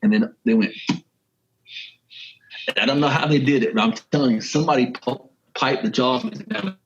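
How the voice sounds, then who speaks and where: Animated man telling a story. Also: moderate pace, muffled recording, slight background noise. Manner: animated, with sudden jumps in pitch and pace. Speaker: podcast guest, wildlife photographer and journalist. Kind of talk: casual storytelling.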